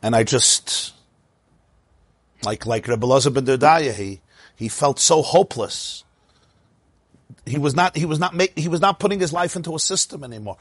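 A middle-aged man giving a Torah lecture, animated, often asking rhetorical questions and repeating words as he explains. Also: on the high side, moderate pace, long pauses, breathy edge, dry recording. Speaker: teacher of Torah.

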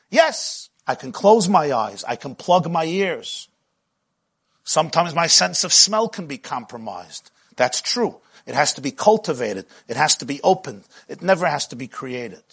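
Husky-voiced man giving a spiritual lecture. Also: high voice, fairly bright tone. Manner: rhythmic, repetitive phrasing, impassioned. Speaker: Jewish teacher.

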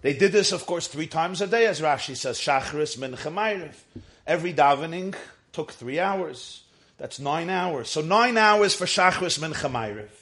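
A man with a high voice gives a Torah lecture as a rabbi. He tells the story and walks through the texts step by step, dropping in Yiddish and Hebrew words and translating them as he goes. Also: animated, normal speed, fairly bright tone, breathy edge. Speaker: rabbi teaching a class.

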